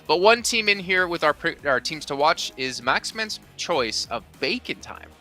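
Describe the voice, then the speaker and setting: A man's voice: on the high side, animated, normal speed, pushed and bright, soft background music. A man hosting an esports analyst desk, putting questions to his co-hosts. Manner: leads the talk with questions to co-hosts.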